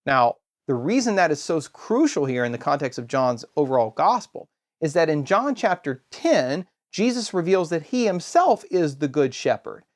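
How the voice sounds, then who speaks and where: A man giving a scripture lesson in a steady explanatory way, posing rhetorical questions and pausing for emphasis. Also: on the high side. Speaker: Bible teacher.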